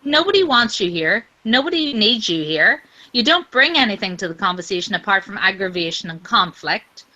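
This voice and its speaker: A woman's voice: mid-range voice, very animated, normal speed, hardly any pauses, pushed and bright, poor audio. An Irish woman arguing in an online group chat, swearing and insulting, repeating the same jabs. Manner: profane, insulting, repetitive. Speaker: chat panelist.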